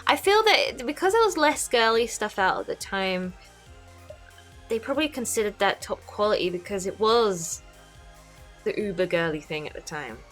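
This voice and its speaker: Give me a calm woman giving measured opinions, mid-pitched voice. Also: soft background music. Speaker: reaction panelist.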